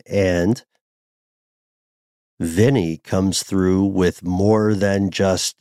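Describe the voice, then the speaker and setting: Slow-talking low-voiced man telling a story. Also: dark tone, dry recording. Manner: unhurried, hesitant with uhs. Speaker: podcast co-host telling the story. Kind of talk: casual storytelling chat.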